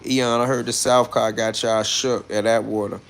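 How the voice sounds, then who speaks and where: Gravelly brash man on a livestream. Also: mid-range voice, level tone, moderate pace, a little hiss or hum. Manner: brash, swears, moves between muttering and loud outbursts. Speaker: livestreamer reading chat comments. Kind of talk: casual livestream chat.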